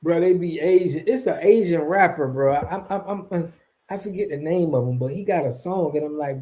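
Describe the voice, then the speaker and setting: A man's voice: a little high, normal speed, mellow, rough recording. A man hosting a casual livestream, talking back to his chat in a loose, slangy, rambling way with frequent laughs. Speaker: streamer and channel host.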